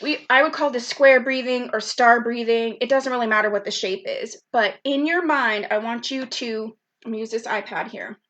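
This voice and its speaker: Upbeat lady running an online workshop for kids, kinda high voice, chatty, on a video call. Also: normal speed, few pauses, fairly bright tone, lo-fi sound. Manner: upbeat, chatty, answers chat comments by name. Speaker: program specialist leading a virtual youth workshop. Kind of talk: live online workshop, reading out chat replies.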